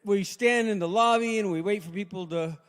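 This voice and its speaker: A man in his sixties doing a stand-up set at a live open mic, deadpan, dropping low and quiet for his punchlines. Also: fairly quick, clean tone. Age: 60s. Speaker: stand-up comedian. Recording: long reverb in a hall.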